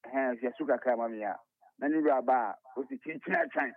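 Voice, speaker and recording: Ghanaian caller on a tinny phone line. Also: male voice, medium pitch, lively intonation, fairly quick, vocal fry, no room sound. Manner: emphatic, repeating his point. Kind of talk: call-in radio chat.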